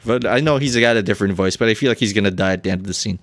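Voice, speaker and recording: A man's voice: on the low side, rapid-fire, hardly any pauses, dry recording. A man commenting on a video game he plays, with sarcastic, joking asides. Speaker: gaming YouTuber. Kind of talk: let's play commentary.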